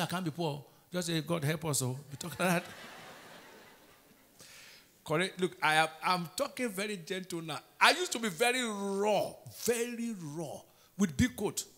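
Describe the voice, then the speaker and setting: A middle-aged Nigerian pastor preaches with emphatic call-and-response questions thrown to his congregation. His voice sits high for a man and rings bright and forceful. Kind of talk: sermon.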